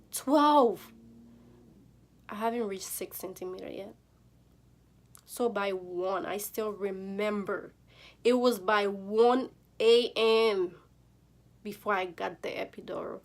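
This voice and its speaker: Slow-talking young woman telling a story. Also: a little high. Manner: emotional retelling with many fillers and quoted pleas. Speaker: vlogger. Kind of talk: casual storytelling.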